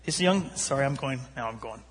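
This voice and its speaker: A man preaching, telling a story with animated voices for its characters. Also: mid-range voice, a little fast, slight background noise. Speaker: pastor. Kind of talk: sermon storytelling. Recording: long hall reverb.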